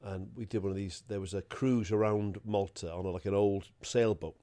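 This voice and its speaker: Swearing podcast co-host telling a story. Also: male voice, on the low side, steady tone, normal speed, dark tone. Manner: swears freely, laughs through his story. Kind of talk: casual anecdote telling.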